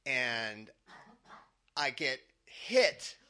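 A man telling a lively personal story to an audience, chuckling as he goes. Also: mid-range voice, very slow. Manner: animated, chuckling through his own story.

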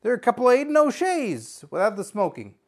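A man's voice: extremely high pitch, fairly quick. A man from Southern California in his thirties, hosting a podcast as a casual solo chat, rambling and joking at his own expense. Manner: rambling, self-mocking, jokey, with animated put-on voices. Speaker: podcast host.

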